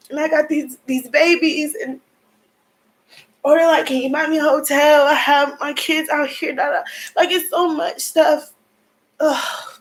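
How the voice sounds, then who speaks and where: Young woman vlogger, high voice, emotional venting, tearful and frustrated. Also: rough recording. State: crying at times. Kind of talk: emotional personal vlog talk.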